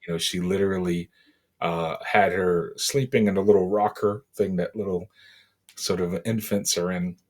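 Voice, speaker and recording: A middle-aged man from Boston, a podcast guest, telling a painful personal story in a halting, emotional way with many fillers. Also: deep voice, steady tone, a little mellow. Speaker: interview guest.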